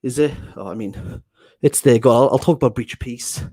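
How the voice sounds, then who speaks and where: A man's voice: mid-range voice, a little fast, darkish tone. A young man chatting casually through a bookshelf tour, rambling and joking at his own expense. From Wales. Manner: joking, rambling, self-mocking with laughs. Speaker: book vlogger. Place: small box room at home.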